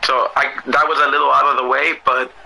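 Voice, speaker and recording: A man with a hoarse voice in loose, laughing casual chat as co-host, swearing freely. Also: medium pitch, level tone, fairly quick, pushed and bright, poor audio.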